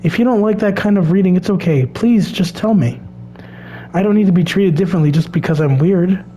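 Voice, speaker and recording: A man voicing a shy, anxious teenage girl from a game, speaking in a timid, halting way. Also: sits high, warm tone, slight background noise, natural voice.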